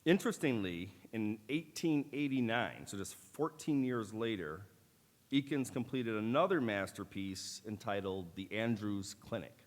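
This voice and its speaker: A middle-aged man giving a formal keynote speech at a medical school ceremony, in a measured, deliberate manner with wry asides. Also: on the low side, expressive. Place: large auditorium. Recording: long hall reverb from a large auditorium.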